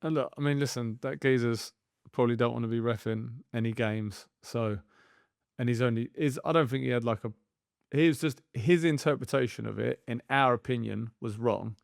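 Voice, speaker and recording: Gravelly candid man chatting. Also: medium pitch, moderate pace, no echo, studio quality. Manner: candid, self-deprecating, swears casually. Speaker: podcast co-host and youth football coach. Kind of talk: casual podcast chat.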